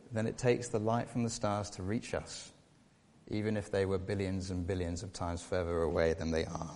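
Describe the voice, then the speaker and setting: A man preaching a sermon, earnest, with repeated rhetorical questions and shifts between hushed and emphatic delivery. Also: on the low side. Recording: long reverb of a large hall.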